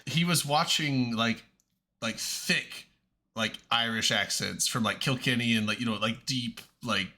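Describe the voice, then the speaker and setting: A man talks loosely in a group chat, circling back over his words with lots of likes and ums. His tone is bright and forward. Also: medium pitch, measured pace. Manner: rambling, many fillers and restarts. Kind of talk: casual group chat on a stream.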